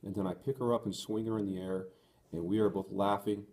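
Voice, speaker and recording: A man narrating a novel aloud in the first person, measured and earnest. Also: lowish voice, fairly even intonation, a little mellow, a little hiss or hum. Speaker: audiobook narrator.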